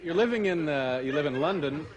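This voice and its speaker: A man hosting a talk show, asking halting, deadpan questions. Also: on the high side, a crowd in the background. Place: TV studio. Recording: TV studio audience and hiss.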